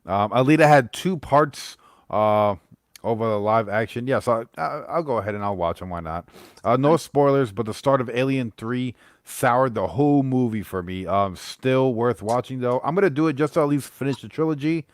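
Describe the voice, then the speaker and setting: A man's voice: mid-range voice, moderate pace, dry recording. Chatty male streamer, dry close mic. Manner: rambling, chatty, many fillers and restarts. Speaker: streamer recapping movies with live chat. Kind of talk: casual live-stream chat.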